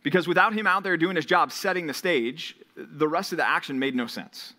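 Man, young pastor, sermon, bright voice, slightly high, conversational, lively when quoting. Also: a little fast. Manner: conversational preaching, rising animated when quoting Jesus. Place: church or ministry hall.

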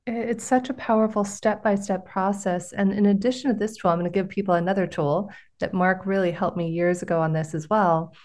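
A woman's voice: mid-range voice, fairly even intonation, fairly quick, few pauses, a little mellow. A woman hosting an interview podcast, reflecting appreciatively on her guest's advice. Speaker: podcast host. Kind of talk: casual interview chat.

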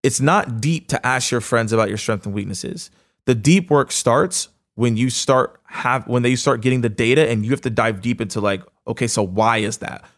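A man hosting a podcast, speaking in a casual, energetic motivational monologue with lots of fillers and quick bursts. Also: medium pitch. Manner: energetic, casual, fast-talking with many fillers. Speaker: podcast host.

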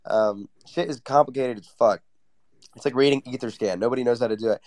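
A man's voice: medium pitch, a little mellow, no echo. A young man ranting brashly in casual chat, full of swearing. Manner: brash, profane, quick ranting.

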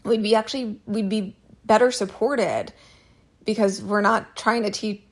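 A woman's voice: mid-range voice, fairly even intonation, unhurried. Woman host, solo advice podcast, casual and candid, some cursing. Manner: candid, repeats herself, mild swearing.

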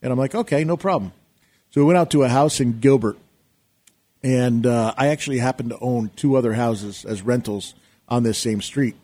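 A middle-aged man, a guest on a talk show, telling a rambling, animated story and acting out quotes loudly. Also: mid-range voice, normal speed. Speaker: guest, real estate investor.

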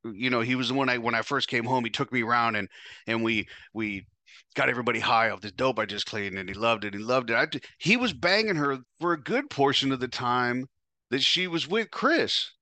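A man's voice: mid-range voice, expressive, fairly quick, bright, forceful tone, dry recording. A podcast host telling his own story in the first person, blunt, profane and emotional.

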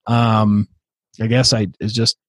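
A man in his thirties, a podcast guest telling his own story in a halting way, with many fillers and restarts. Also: fairly low pitch, level tone, dry recording. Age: 30s. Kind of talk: casual interview storytelling.

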